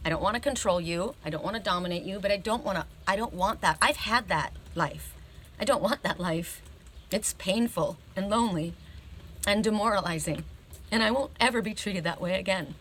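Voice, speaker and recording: A woman's voice: mid-range voice, normal speed, a bit bright, slight background noise. A woman reading oracle cards, telling a personal story in a chatty, emphatic way and often checking in with "right?". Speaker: oracle card reader.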